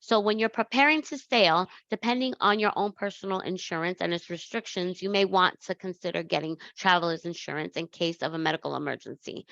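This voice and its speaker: A woman presenting slides in a relaxed, conversational way and correcting herself as she goes. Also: on the low side, creaky, no room sound, dull audio. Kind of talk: slide presentation on accessible travel.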